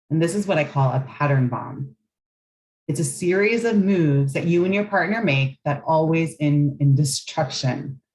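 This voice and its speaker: A woman's voice: deep voice, rough recording. A woman relationship coach giving a guided coaching talk in a soothing, affirming, earnest way.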